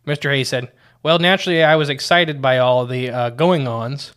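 A man's voice: mid-range voice, steady tone, moderate pace, a bit bright, clear, resonant tone. Male podcast co-host, casual, reads from notes, stumbles and restarts. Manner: reads quotes aloud, restarts often. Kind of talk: casual chat, reading from notes.

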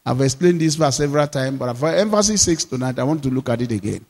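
Husky-voiced man preaching a sermon. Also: medium pitch, animated, fast, long reverb tail. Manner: swings between loud declarations and quiet asides; repeats phrases and leads call-and-response. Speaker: pastor.

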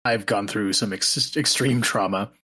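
A man playing a tabletop game, describing his character with playful, excitable reactions. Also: fairly low pitch, measured pace, husky. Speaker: player. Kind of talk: casual tabletop play.

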